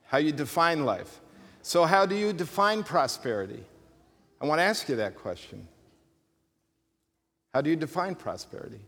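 A man's voice: a little high, lively intonation, moderate pace, pauses often, fairly bright tone. Man preaching a sermon in a reverberant hall. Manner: conversational preaching with asides and humor. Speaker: pastor. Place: church sanctuary.

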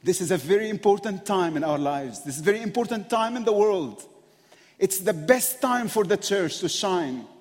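A man's voice: high voice, expressive, normal speed. A man preaching as a guest speaker, passionate and emotional, often breaking into laughter between phrases. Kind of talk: sermon. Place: church sanctuary. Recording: long reverb of a large hall.

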